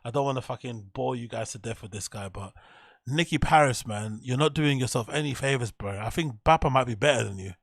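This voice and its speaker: A man's voice: medium pitch, fairly quick, vocal fry, fairly bright tone, no room sound, clean studio sound. A man hosting his own show, swearing and ranting in disbelief as he reacts to clips. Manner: profane, incredulous ranting. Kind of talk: casual livestream commentary.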